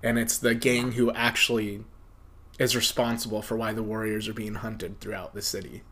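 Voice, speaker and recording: A man co-hosting a podcast in casual chat, animated, laughing often and quoting movie lines. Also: fairly low pitch, moderate pace, slight background noise. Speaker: podcast co-host.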